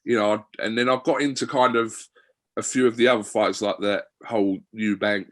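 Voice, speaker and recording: Low-voiced man telling stories. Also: a little fast. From Wickford, England. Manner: relaxed storytelling, many fillers. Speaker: guest. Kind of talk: casual interview chat.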